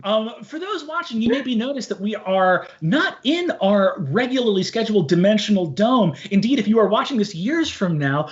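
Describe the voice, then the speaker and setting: A man's voice: high-pitched, sing-song, moderate pace, hardly any pauses, highs cut off. A man narrating a tabletop game as game master, telling the story in a grand, theatrical way from his home.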